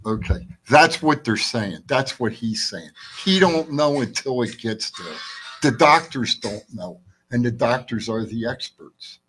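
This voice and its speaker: A man with a raspy, husky voice talks bluntly as a podcast co-host. He states his opinions flatly and repeats his point for emphasis. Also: mid-range voice, unhurried, soft background music, poor audio. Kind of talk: casual wrestling chat.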